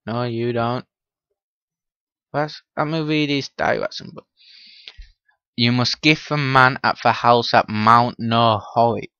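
A man's voice: medium pitch, fairly even intonation, takes it slowly, pauses often, sharp tone, clear, resonant tone, no room sound, muffled recording. A man giving casual commentary while playing a game, muttering to himself and teasing the characters on screen, with rising irritation. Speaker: gaming channel host. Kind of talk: Minecraft let's-play commentary.

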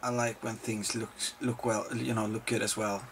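A video host, male and exhausted from not sleeping, chats casually while answering viewer questions, rambling, joking and cursing freely. His lowish voice is delivered flatly at a moderate pace, with a little hiss or hum.

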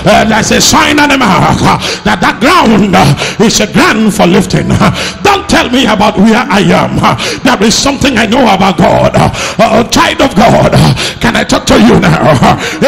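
A man preaching a charismatic sermon, shouting declarations and filling pauses with a repeated "uh", with faint music behind. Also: sits high, vocal fry.

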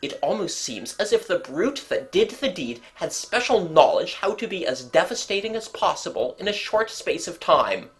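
A woman voicing an agitated middle-aged country gentleman who fumes and exclaims indignantly. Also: on the low side, sing-song, moderate pace, hardly any pauses, voice pushed up. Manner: indignant, fuming.

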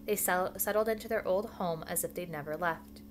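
A woman's voice: lowish voice, fairly quick, a little hiss or hum. A woman reading a children's book aloud at home, with casual asides. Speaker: reader.

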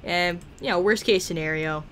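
A woman commentating a life-simulation game she is playing, excitable, swearing freely and laughing often. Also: fairly low pitch, normal speed, a little hiss or hum. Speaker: gaming video creator. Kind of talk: let's play commentary.

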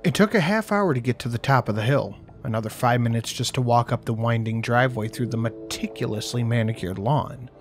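A man's voice: mid-range voice, brisk, hardly any pauses. A man narrating a horror story in the first person, with a wry storytelling manner. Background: faint music.

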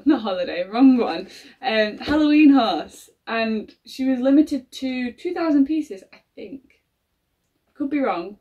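A woman gushing excitedly through an unboxing vlog, gasping and giggling as she talks. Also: fairly high pitch, husky. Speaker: collector unboxing a model horse. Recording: voice a little far from the mic.

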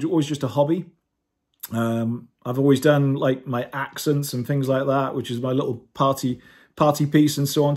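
A rambling, self-deprecating man speaks to camera in a casual, earnest rant. His voice is a little husky and sits fairly high for a man. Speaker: audiobook narrator and YouTuber; teacher.

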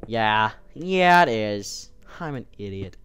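A man's voice: on the low side, lively intonation, takes it slowly, a bit bright, smooth, faint music behind. A young man giving casual, rambling commentary while playing a game, talking to himself and the game, his voice cracking often. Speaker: gameplay video host. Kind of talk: casual let's-play commentary.

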